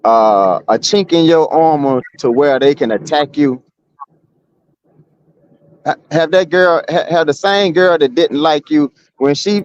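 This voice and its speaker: A man in a casual streamed argument, rambling and restarting, blunt and full of street talk. His voice sits a little high, and the sound is muffled and lo-fi. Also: darkish tone, clear, resonant tone. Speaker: guest.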